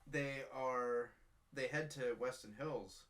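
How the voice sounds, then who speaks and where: A man recaps a horror film for his podcast in loose, rambling chat. His voice sits at an ordinary middle pitch, and he fills his sentences with "like" and "um." He swears freely as he goes. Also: takes it slowly, a bit bright. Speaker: podcast host. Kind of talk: casual movie recap chat.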